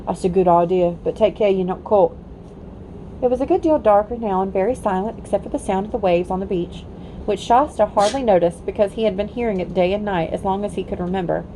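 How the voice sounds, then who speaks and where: Woman, bedtime read-aloud, gentle and steady, warm dark tone, faint noise. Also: mid-range voice, fast, rough recording. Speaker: parent reading to her children. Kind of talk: reading a novel aloud.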